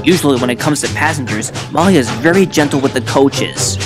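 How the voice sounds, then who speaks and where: A man narrating a children's storybook in an even storytelling manner. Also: medium pitch, brisk. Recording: narration with music bed.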